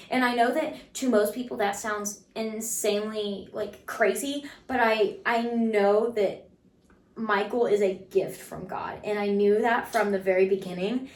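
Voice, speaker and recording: A woman's voice: mid-range voice, steady tone, normal speed. A young woman hosting a casual chat, speaking in an earnest, heartfelt way. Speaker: podcast host. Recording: roomy, distant mic.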